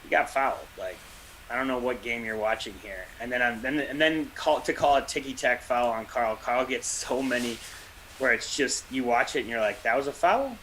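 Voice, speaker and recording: Bright-voiced, opinionated fan talking shop. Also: male voice, mid-range voice, fairly even intonation, normal speed, a little hiss or hum, poor audio. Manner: opinionated fan, ranting with a laugh. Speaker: podcast co-host. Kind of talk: casual sports chat.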